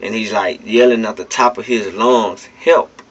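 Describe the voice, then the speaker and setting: A man's voice: lowish voice, fairly even intonation, normal speed, breathy edge. A man giving casual, blunt, emphatic spoken commentary straight to his listeners, with some swearing. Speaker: vlogger. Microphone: phone. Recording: dull lo-fi phone recording.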